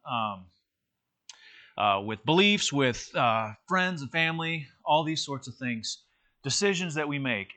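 A man's voice: mid-range voice, bright, forceful tone. A man teaching an interactive church lesson in a conversational way, with many fillers and restarts.

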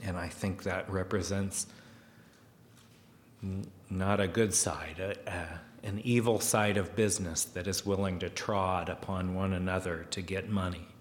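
A man preaching a sermon, slow and hesitant, with fillers and restarts, growing louder as he reads scripture aloud. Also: low-pitched, steady tone, long reverb tail, slight background noise.

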